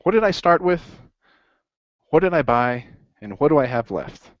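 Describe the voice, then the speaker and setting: A man's voice: a little high, very animated, normal speed, dry recording. Upbeat man lecturing a class. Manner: upbeat, asks the class questions. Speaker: accounting instructor. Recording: dry, dull lo-fi classroom recording.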